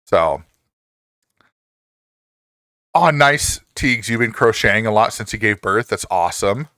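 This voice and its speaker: Reading viewer messages on a live stream, a forties-aged man keeps things casual, laughing often, his pitch leaping when excitement hits. His speed is normal, with no room sound and a studio-quality recording.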